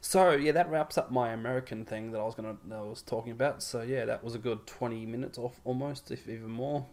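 A man's voice: medium pitch, fast talker, a little mellow. A man with an Australian accent hosting a casual podcast chat, joking and laughing often as he runs through a list. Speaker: podcast host.

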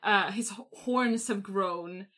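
Woman, tabletop player, vivid describer, filler words, bright tone. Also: medium pitch, slow. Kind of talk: describing her character's actions.

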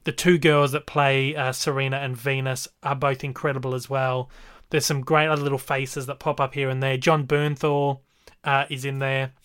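Male film-chat co-host: bright, clear voice, enthusiastic and rambling delivery. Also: medium pitch, level tone, normal speed. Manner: enthusiastic, rambling with fillers and restarts. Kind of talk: casual film review chat.

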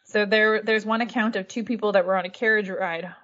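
A woman's voice: medium pitch, steady tone, fairly quick, a bit bright. A woman hosts a casual podcast, spinning a history story in a breezy, offhand way. She swears freely and is amused by her own material. The recording sounds slightly dull and lo-fi. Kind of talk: casual chat.

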